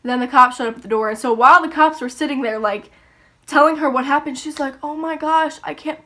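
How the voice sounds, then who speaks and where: High-voiced young woman telling a story. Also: quick pace. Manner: animated, swears freely, acts out the voices in her story. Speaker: YouTuber. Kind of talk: casual storytime.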